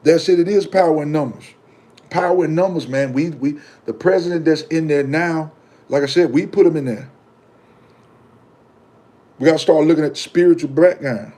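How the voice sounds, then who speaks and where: With a mellow male voice on the high side, this vlogger talks at a normal speed but leaves long pauses. His monologue to viewers is casual and emphatic, peppered with loose slang, repeated points, and replies to commenters.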